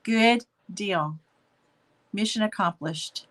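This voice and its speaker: Speaking slowly in a mid-range voice, a woman hosts a live painting stream and wraps things up with casual chat. She's warm, affectionate, and talkative with her viewers, and she says "y'all."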